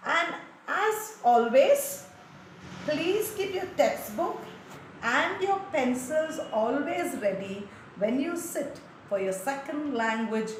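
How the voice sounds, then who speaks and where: A woman teaching an English lesson to children, reciting a poem in a sing-song way and spelling words out letter by letter. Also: sits high. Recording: echoey room, distant mic, faint noise.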